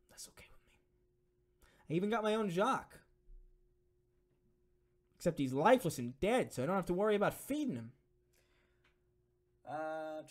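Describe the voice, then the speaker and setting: This young streamer's voice is slightly high with a darkish tone. He reads out donations from viewers, answers their questions, rambles, curses freely and leans heavily on filler words.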